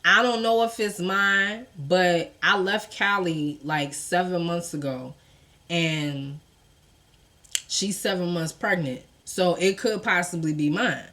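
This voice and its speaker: A woman voicing a curt, blunt young boyfriend with a low, muttered, matter-of-fact delivery. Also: takes it slowly, a bit bright. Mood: flat.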